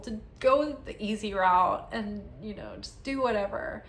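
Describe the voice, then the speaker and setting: A woman's voice: medium pitch, measured pace, few pauses, a bit bright. Tired young woman chatting through a tarot reading, says "like" a lot, echoey room. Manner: rambling, filler-heavy with frequent "like". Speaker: tarot reader. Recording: roomy echo.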